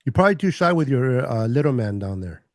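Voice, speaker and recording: A man's voice: mid-range voice, very animated, fast, darkish tone, no room sound, clean studio sound. A man co-hosting a fan podcast in casual chat, joking and teasing the others. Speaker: podcast co-host.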